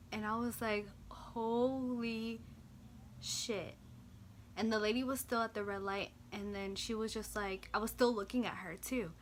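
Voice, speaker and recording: A young woman vlogger casually telling a story, animated and slangy, full of "like" and swearing. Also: on the high side, a little hiss or hum.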